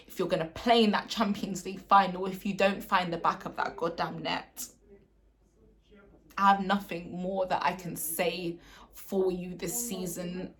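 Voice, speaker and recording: A fairly low-pitched woman delivers an unscripted reaction rant after a match. She sounds upset and close to tears, hesitating with ums and repeating herself as her frustration builds and spills over. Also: fairly even intonation, a little slow, fairly bright tone, a little hiss or hum. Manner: frustrated, emotional ranting with frequent ums and repeated phrases. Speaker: football fan reacting to a match.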